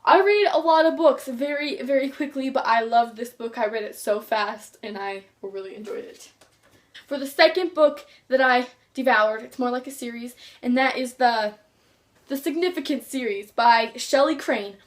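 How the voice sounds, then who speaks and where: Teen girl book vlogger, high bright voice, excited and rambling. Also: normal speed. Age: teens. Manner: gushing, rambling with restarts. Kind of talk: casual chat to camera.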